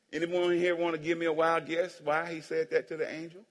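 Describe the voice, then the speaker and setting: A pastor preaches a playful sermon in a church sanctuary, joking with the congregation and calling for amens. His voice is a little high and a bit bright, with little pitch movement, moving fairly quickly with hardly any pauses. The recording carries the long hall reverb of the church.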